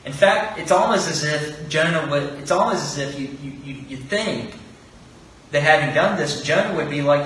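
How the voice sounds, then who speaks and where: A man with a slightly high, somewhat bright voice preaches animatedly at normal speed. His earnest expository sermon includes rhetorical questions and acted-out quoted speech. He sounds distant in a very echoey space, with faint noise in the background.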